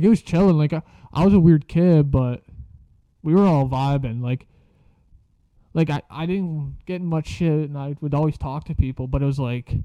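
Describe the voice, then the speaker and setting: A man's voice: on the high side, no room sound, muffled recording. A young man telling a rambling story in a casual, slangy way, swearing a lot.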